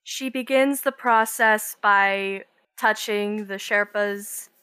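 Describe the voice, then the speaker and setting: A woman player in a tabletop game, narrating and speaking as her character in a quick, animated way. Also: mid-range voice, smooth, no echo.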